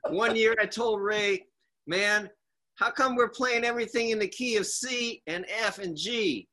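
A man with a high, bright voice leads a casual chat and tosses questions to his guests. He talks with easy hesitations and fillers as he remembers. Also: measured pace. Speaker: host leading a musicians' reminiscence.

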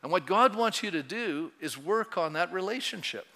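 A man's voice: high voice, expressive, moderate pace, sharp tone. A man in his sixties, a pastor preaching a sermon in a church sanctuary, chatting and joking with the congregation before building to fervent exhortation. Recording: reverberant church hall.

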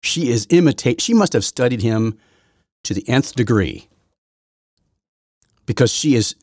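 A man hosting his own podcast from his basement, rambling through a political rant that swings from loud outbursts to low muttering, with many restarts. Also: lively intonation, a little slow, long pauses, no room sound, clean studio sound. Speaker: podcast host. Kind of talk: solo political commentary rant. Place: home basement.

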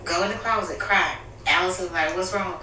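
A woman opens up about a hard stretch in her life, speaking in an emotional, confiding way. Her voice is bright. It comes from some distance across an echoey room with faint background noise. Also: on the low side, brisk. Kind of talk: candid family conversation.

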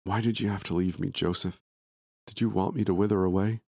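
A man voicing a starving female tree spirit who begs and pleads softly in a horror story. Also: low-pitched, steady tone, a little fast, vocal fry, dry recording, studio quality. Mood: reproachful. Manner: soft, wheedling and pleading.

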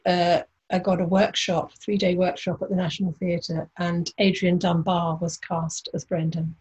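A woman in her sixties from London, a playwright and actress, telling wry anecdotes in an interview with many pauses and fillers. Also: lowish voice, a little mellow, muffled recording. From London, England. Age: 60s. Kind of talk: conversational interview.

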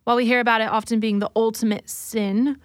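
A woman's voice: on the high side, flat delivery, quick pace, dry recording, clean studio sound. A woman who leads worship, speaking earnestly and reflectively in a faith conversation, sometimes acting out remembered dialogue. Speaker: worship leader.

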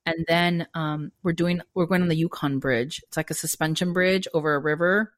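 Playful low-voiced woman podcaster. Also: fairly even intonation, normal speed, dry recording, studio quality. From Los Angeles, United States. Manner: playful, dramatic, emphatic. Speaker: podcast co-host, travel advisor. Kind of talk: casual chat.

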